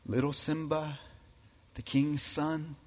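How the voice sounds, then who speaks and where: A man preaching in a slow, deliberate way, his voice pitched a little high for a man. He is emphatic and builds to loud climaxes. A long reverb trails every phrase. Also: level tone. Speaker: pastor. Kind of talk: sermon. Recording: reverberant hall.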